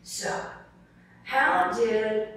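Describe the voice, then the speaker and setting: A woman's voice: a little high, expressive, drawn-out words, gravelly, a bit bright. A middle-aged woman from South Carolina, giving an award acceptance speech as an earnest storyteller who keeps calling the audience folks. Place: large formal hall. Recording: echoey hall picked up from a distance.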